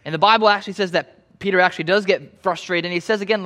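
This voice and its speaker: A young man preaching with a high, light voice. He tells the story casually, like he is chatting with the room, and briefly acts out the voices of the people in it. The delivery is relaxed and conversational. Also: fast talker. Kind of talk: sermon.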